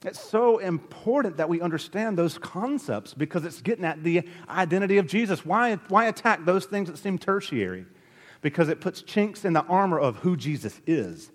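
A man preaching a sermon as pastor, emphatic, with sharp rises and drops in his delivery. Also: high voice, lively intonation, normal speed, long reverb tail.

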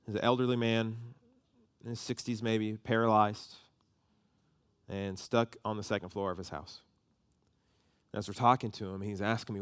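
A man, preaching a sermon and telling a story with lively emotion. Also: fairly low pitch, normal speed, long pauses, clear, resonant tone, dry recording. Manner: animated storytelling, voices rising with emotion.

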